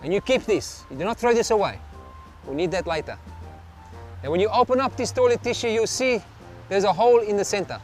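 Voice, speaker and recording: Man doing stern army sergeant major, barking drill-instructor manner, high voice, music behind. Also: brisk, a little mellow, lightly acted. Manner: barking orders, mock-serious military briefing.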